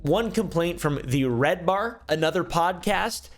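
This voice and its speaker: A man's voice: fairly high pitch, animated, measured pace. A man narrating a casual commentary video with offhand, dry sarcasm. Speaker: YouTube commentator.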